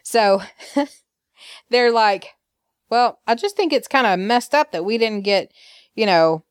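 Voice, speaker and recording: A woman's voice: fairly high pitch, takes it slowly, clean tone, no room sound, studio quality. A woman from Alabama with a Southern accent, chatting casually as a podcast host and acting out quoted lines with laughs. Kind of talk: casual recap chat.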